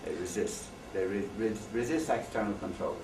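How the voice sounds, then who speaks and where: A man's voice: fairly low pitch, moderate pace. A man giving a talk on education to an audience, telling jokes and asking listeners questions. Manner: anecdotal, jokey, asks the audience questions. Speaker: conference speaker. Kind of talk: lecture to an audience. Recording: echoey hall, far from mic, faint noise.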